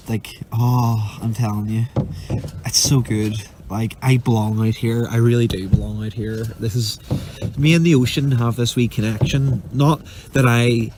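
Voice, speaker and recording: Man, breathless and gushing, on a phone voice note with clear sea noise. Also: medium pitch. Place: sailing boat out on the ocean.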